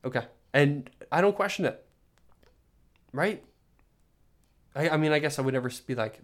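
A man's voice: medium pitch, steady tone, normal speed, pauses often. Rambling young man on a solo rant. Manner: rambling, exasperated, many restarts and fillers. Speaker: podcast host.

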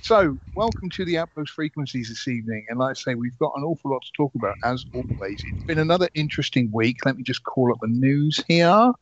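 A man's voice: medium pitch, lively intonation, fairly quick, hardly any pauses, a little hiss or hum. A man with an English accent hosting a podcast, chatting casually and laughing often. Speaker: podcast host. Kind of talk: casual chat. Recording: slightly dull lo-fi sound.

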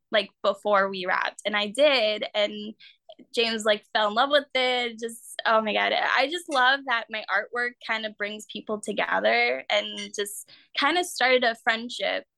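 A woman's voice: vocal fry, pushed and bright, dry recording. A young woman, an actor and artist, chatting as an interview guest with lots of "like" fillers. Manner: chatty, full of "like" fillers, acts out quotes in high voices. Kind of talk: casual interview talk.

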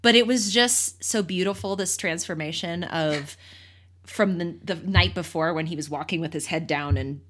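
Woman co-host, lower register, eager storyteller who laughs often. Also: normal speed, fairly bright tone, slight background noise. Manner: enthusiastic retelling, laughs often. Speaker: podcast co-host. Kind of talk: casual chat about a book.

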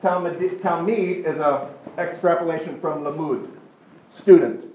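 A man teaching a Bible class in a lively conversational way, often acting out quick voices of other people for the group. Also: on the high side, muffled recording. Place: class room in front of a group. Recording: echoey room with background noise.

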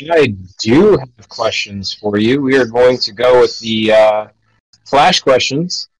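A man's voice: mid-range voice, slow pace, rough recording. A man hosting a casual podcast chat, rambling with frequent restarts. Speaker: podcast host.

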